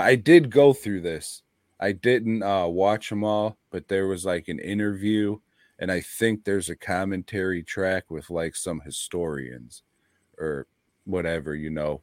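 A man with a very low voice, co-hosting a podcast in loose, rambling chat full of swearing. He talks slowly and easily. The sound is close and dry, with no room in it. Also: steady tone, no echo. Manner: profane, rambling, laid-back. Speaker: podcast co-host. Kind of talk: casual chat.

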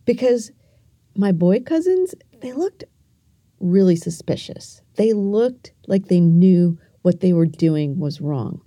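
A middle-aged woman hosting a podcast who tells a story and teaches kids in an earnest, gentle way, speaking directly to the listener. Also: on the low side, animated, takes it slowly, no echo, studio quality. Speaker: podcast host.

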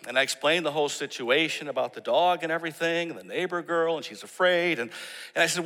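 A man preaching a sermon, telling a story and acting out the people in it with animated emphasis. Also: fairly high pitch, fast, long reverb tail. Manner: storytelling, animated when quoting others. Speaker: pastor.

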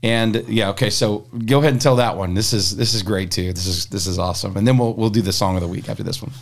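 A podcast host with a fairly low voice, chatty and eager. He keeps the conversation moving with quick prompts and reactions to his guest. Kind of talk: casual podcast chat.

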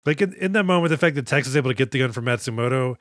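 A man's voice: mid-range voice, rapid-fire, dry recording, clean studio sound. Laughing, profane podcast co-host man. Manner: profane, laughing, animated retelling. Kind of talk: casual movie-review chat.

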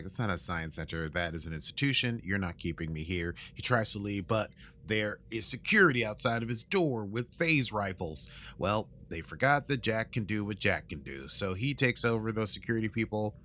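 A man hosting a casual recap chat, rambling through the story and acting out quotes in goofy voices, with a morning voice that is still warming up. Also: sits low, slight background noise. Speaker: podcast host recapping an episode.

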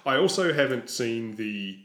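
A man's voice: medium pitch, animated, measured pace, fairly bright tone, echoey room. A man co-hosting a podcast in casual chat, sarcastic and swearing freely. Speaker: podcast co-host.

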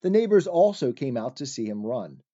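Mellow male narrator, lo-fi recording. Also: mid-range voice, very animated. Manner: measured, formal, archaic phrasing. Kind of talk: scripted narration of an old allegory. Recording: dull lo-fi recording.

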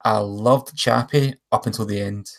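A man co-hosting a podcast gets enthusiastic about movies in a rambling, casual conversation, fixing his own statements as he goes. His gravelly voice sits fairly low, with fairly even intonation and a normal speed.

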